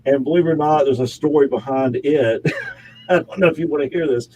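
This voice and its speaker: A man's voice: a little high, a little fast, mellow, a little hiss or hum, rough recording. A man, an actor and model, chatting as an interview guest in his home studio, rambling through stories with frequent laughs. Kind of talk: casual interview chat.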